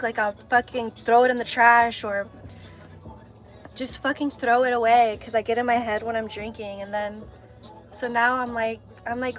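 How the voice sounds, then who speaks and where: A young woman hosting a livestream, chatting candidly and confessionally, swearing freely and laughing often. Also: a little high. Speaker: livestream host. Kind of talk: candid personal chat. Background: music playing.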